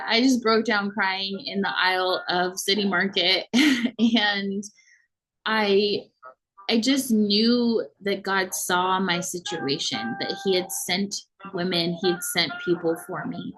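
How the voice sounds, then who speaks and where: A woman's voice: mid-range voice, low-quality recording. A woman in her thirties sharing a heartfelt personal faith testimony, earnest and emotional. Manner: earnest and emotional, with soft laughs. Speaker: faith vlogger.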